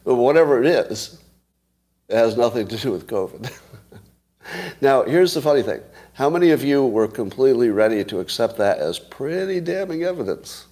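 A man hosting a solo commentary stream, sarcastic, pausing often and putting rhetorical questions to his audience. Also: mid-range voice, animated, dark tone. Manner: halting, many pauses and filler sounds. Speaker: show host.

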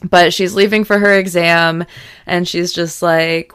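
A young woman hosting a podcast, recapping a TV episode in frank, casual chat full of "like" and raising her voice when excited. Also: fairly low pitch, unhurried, clean tone, no room sound, studio quality. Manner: chatty, frank, lots of "like" fillers; gets loud when excited. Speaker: podcast host recapping a TV series.

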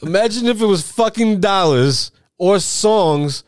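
A man's voice: high voice, lively intonation, a little slow, clean tone, no echo, studio quality. A man co-hosting a podcast in casual, slang-filled, profane banter. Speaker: podcast co-host. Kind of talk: casual chat.

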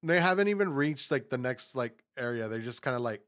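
Man, casual chat, mid pitch, laid-back, heavy swearing. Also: lively intonation, a little fast, fairly bright tone. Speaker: podcast co-host.

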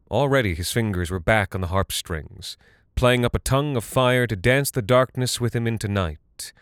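Slow, low-voiced male narrator. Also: no echo, studio quality. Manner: measured, deliberate storytelling. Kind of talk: audiobook fantasy narration.

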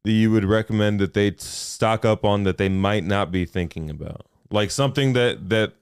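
A man with a low, smooth, resonant voice co-hosting a laid-back podcast. He asks questions and chuckles easily. The sound is dry and close on a studio mic. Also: moderate pace, no echo. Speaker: podcast co-host, son. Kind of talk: casual podcast chat. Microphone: studio mic with headphones.

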